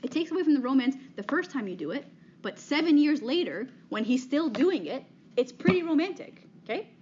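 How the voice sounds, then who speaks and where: A woman's voice: high voice, very animated, fairly quick, darkish tone. Conversational woman speaker saying "okay?" constantly. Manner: frequent "okay?" check-ins, conversational and direct. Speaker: speaker giving a talk on dating. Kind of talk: talk to a live audience. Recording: slightly dull, faint background noise.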